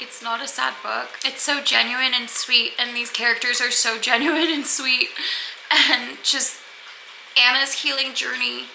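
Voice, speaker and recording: A woman's voice: on the high side, creaky. A young woman chatting casually to her camera in a reading vlog, rambling with lots of "like"s and little laughs. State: teary, crying. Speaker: book vlogger. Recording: echoey room, faint background noise.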